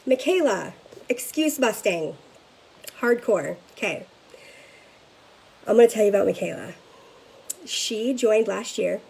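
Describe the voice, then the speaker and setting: A woman leading a sales team, giving an energetic motivational talk to camera and often checking in with a quick "okay?". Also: mid-range voice, gravelly, slightly rough, poor audio. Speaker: direct-sales team leader.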